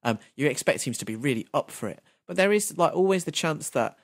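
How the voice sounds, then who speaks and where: A man's voice: fairly high pitch, animated, a little fast, vocal fry, dry recording, studio quality. A man co-hosting a casual football podcast, thoughtful and analytical as he talks through the matches. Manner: thoughtful, analytical, laughs along. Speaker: podcast co-host.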